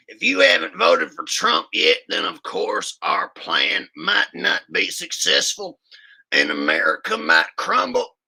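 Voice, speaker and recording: A man doing a comedic impression of a ranting, gravelly male conspiracy show host who shouts and fake-sobs. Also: fairly high pitch, heavily acted. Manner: bellowing, exaggerated fake crying.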